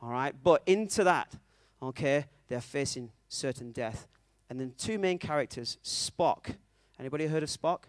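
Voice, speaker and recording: A man's voice: medium pitch, animated, normal speed, few pauses, no echo. A man preaching a conversational sermon, telling a story and checking in with his audience, with a self-mocking manner.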